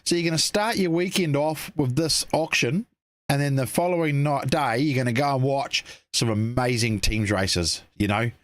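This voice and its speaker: A man co-hosting a casual livestream chat, rambling and relaxed with lots of fillers. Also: medium pitch, moderate pace, dry recording, studio quality. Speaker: co-host.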